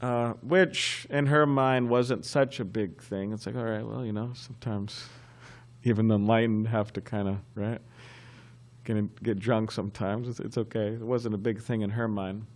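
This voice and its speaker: A man giving a scripture class at a temple, telling a story in a halting, conversational way. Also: lowish voice, fairly even intonation. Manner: halting and conversational, often restarting.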